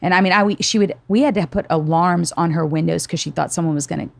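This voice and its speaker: A woman's voice: fairly low pitch, fast talker, creaky. A middle-aged woman hosting a podcast, telling stories with acted-out quotes and some swearing in casual chat. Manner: animated storyteller, acts out quotes, swears. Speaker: podcast host.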